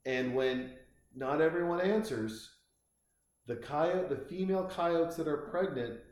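A man's voice: on the high side, unhurried, darkish tone. A man hosting a casual comic monologue, rambling and swearing with frequent restarts. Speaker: host. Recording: very echoey room.

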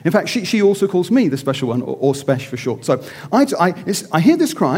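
A man's voice: high-pitched, fairly quick, breathy edge. A middle-aged man preaching a sermon, telling stories animatedly and acting out the voices. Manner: animated storytelling with acted-out voices.

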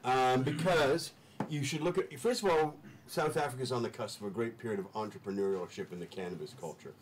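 A man on a talk-show couch, enthusiastic and rambling, stumbling and restarting as he goes. His pitch sits in the middle. A faint hiss of noise runs under his voice. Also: fairly quick, poor audio. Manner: rambling, enthusiastic, repeats words when restarting. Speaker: studio guest. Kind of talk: casual talk-show chat.

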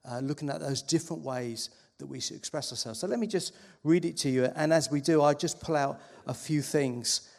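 Gravelly, unhurried man preaching. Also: on the high side. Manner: unhurried, restarting, gently reflective. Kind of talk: sermon introduction.

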